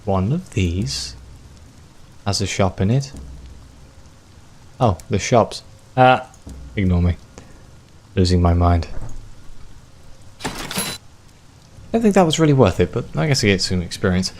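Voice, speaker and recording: Low, lively male game narrator. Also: slow, long pauses. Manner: chatty, self-deprecating, reads the text expressively. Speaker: video game let's player. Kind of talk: reading game text aloud and commenting while playing.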